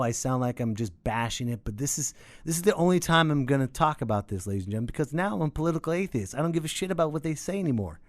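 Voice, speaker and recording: A man's voice: on the high side, very fast, hardly any pauses, no room sound. A man hosting a podcast, delivering a casual, sarcastic, ranting monologue with plenty of swearing. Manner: animated, sarcastic, swearing freely. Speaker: podcast host.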